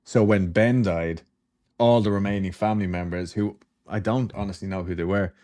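A man's voice: lowish voice, steady tone, moderate pace, darkish tone. A man hosting a podcast, telling a story in a loose, chatty way, with swearing and asides. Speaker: podcast host. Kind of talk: casual storytelling chat.

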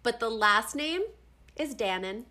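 A young woman co-hosts a relaxed book podcast, rambling through her points with lots of filler words. Her tone is bright and clear, and her pitch sits in an ordinary middle range. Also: normal speed. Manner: chatty, full of "like" fillers. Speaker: podcast co-host. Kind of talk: casual book chat.

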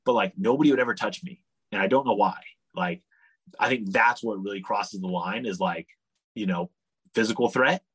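A young man casually telling a long travel story as a guest, animated and full of "like," acting out the people he quotes. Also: fairly low pitch, normal speed, slightly rough, rough recording. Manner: animated, leans on "like" a lot, acts out the people he quotes.

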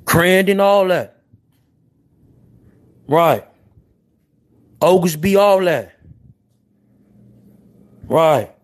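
Brash high-voiced man from Chicago. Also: animated, extremely slow, long pauses. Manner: brash, street slang, keeps repeating apologies. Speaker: livestream host. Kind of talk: casual livestream chat.

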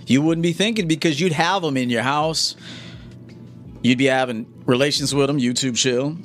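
A man's voice: medium pitch, normal speed, fairly bright tone, faint music behind. A man coaching his audience in a live-stream monologue, blunt and confrontational, often checking "okay?". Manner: blunt, lecturing, confrontational, keeps asking "okay?".

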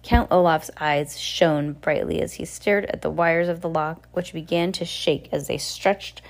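A woman reads a novel aloud in a slightly low voice. Her reading is unpolished, with small slips and self-corrections along the way. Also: steady tone, unhurried. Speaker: reader.

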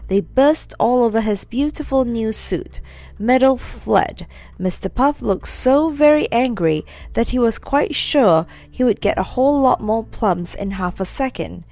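Expressive woman reading a children's story. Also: on the high side, unhurried. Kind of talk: storybook narration.

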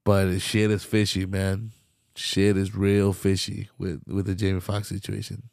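Brief: young male podcast host, gravelly low voice, loose profane rambling, dry close sound. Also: completely flat delivery, a little slow, darkish tone, dry recording. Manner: loose, swearing, slangy rambling with laughs. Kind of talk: casual solo commentary.

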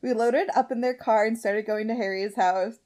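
A young woman with a high voice narrates a fan fiction aloud for a comedic show. She reads quickly and keeps breaking off to laugh and comment on the story. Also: fairly even intonation, a little mellow.

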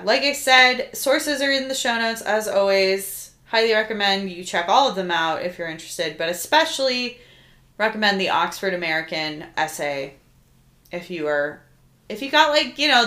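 Chatty woman podcast co-host, bright voice. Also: mid-range voice, lively intonation, moderate pace. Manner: chatty, laughs often. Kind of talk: casual chat.

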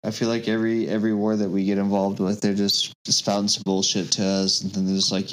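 Sardonic low-voiced man, smooth tone. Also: completely flat delivery, fairly quick, hardly any pauses, rough recording. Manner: sardonic, cynical. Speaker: podcast co-host. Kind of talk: casual chat, reading and riffing.

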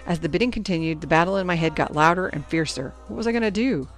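A woman reading a first-person teen novel aloud in a lively storytelling manner. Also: on the low side, quick pace, faint music behind. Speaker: audiobook narrator.

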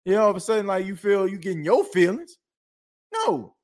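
High-voiced man ranting on a sports podcast. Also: a little fast. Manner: animated, preachy, addresses listeners as folks. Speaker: podcast host. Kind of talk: fired-up sports talk rant.

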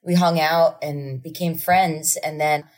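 A woman's voice: sits low, unhurried. A woman musician telling casual stories as a podcast guest, acting out the people in them. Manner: lively anecdotes with acted-out quotes. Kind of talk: casual storytelling.

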